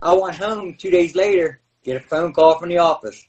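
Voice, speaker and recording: A man, a former pro wrestler, telling stories on a podcast in an animated way, laughing and acting out scenes. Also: sits high, a little fast. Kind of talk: podcast storytelling. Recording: voice a bit far from the mic.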